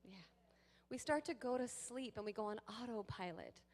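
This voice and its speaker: A woman giving a sermon to a congregation, lively and playful, with laughing asides to the people in the pews. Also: on the high side, moderate pace. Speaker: guest speaker. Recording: long hall reverb.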